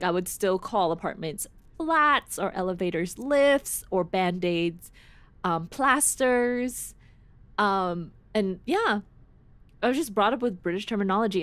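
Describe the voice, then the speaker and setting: A woman's voice: mid-range voice, expressive, measured pace, a bit bright, no echo. A young woman with an American accent, chatting casually as a streamer in a rambling, giggly way on a desk microphone at home. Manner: chatty and rambling, restarts sentences, giggles often.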